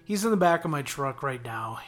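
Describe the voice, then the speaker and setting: A man's voice: medium pitch, expressive, brisk, a bit bright, faint music behind, natural voice. A man reading aloud and voicing a kind-hearted young man who drives for animal control, shy and a little awkward. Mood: earnest.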